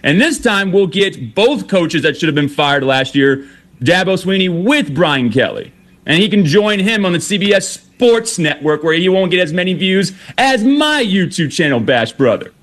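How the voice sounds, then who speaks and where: A man's voice: high voice, lively intonation, moderate pace, a bit bright. A man calling into a sports talk show, taunting a rival team and repeatedly addressing the host by name. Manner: taunting, keeps saying the host's name. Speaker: caller.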